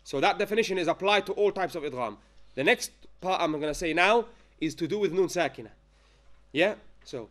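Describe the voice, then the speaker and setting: A man with a high voice teaches a tajweed class, dictating notes slowly and checking in with his students after nearly every point. He breaks into chanted verses to show each rule. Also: animated, a bit bright. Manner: dictates slowly, checks understanding with frequent questions; chants Arabic verses when giving examples. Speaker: Quran recitation teacher. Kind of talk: classroom lesson.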